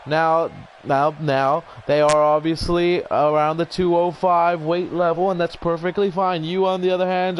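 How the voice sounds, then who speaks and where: A man's voice: a little high, slight background noise, close to an everyday voice, rough recording. A man playing a pompous, vain wrestling villain. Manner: pompous, taunting, sometimes shouting. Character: vain arrogant male wrestling champion heel. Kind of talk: improvised wrestling promo over a video game.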